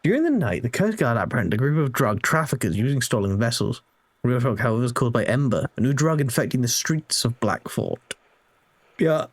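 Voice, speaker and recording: A man's voice: mid-range voice, no echo. A man doing a formal radio newsreader. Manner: formal announcing.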